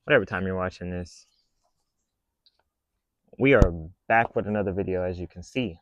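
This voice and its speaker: A man's voice: deep voice, normal speed, a bit bright, no echo. A man talking to camera in a casual commentary rant, blunt, emphatic and scolding. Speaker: vlogger.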